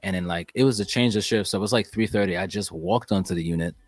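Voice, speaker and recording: A young man as a podcast guest, chatting casually and telling animated, profane stories. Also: low voice, quick pace, no echo. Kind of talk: casual chat.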